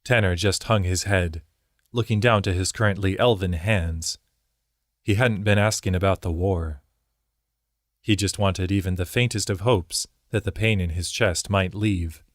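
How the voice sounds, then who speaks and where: A man narrating a fantasy novel at a measured, steady pace. His voice sits on the low side. The recording is dry and close with no room sound. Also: no echo. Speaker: audiobook narrator. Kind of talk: scripted narration.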